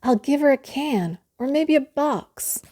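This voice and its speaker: Woman doing a bright, raised storybook housekeeper voice: earnest, chirpy, matter-of-fact, taking everything literally. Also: high-pitched, animated, measured pace, pitched above the performer's own voice. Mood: earnest, puzzled. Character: cheerful literal-minded grown woman housekeeper. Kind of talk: storybook character voice.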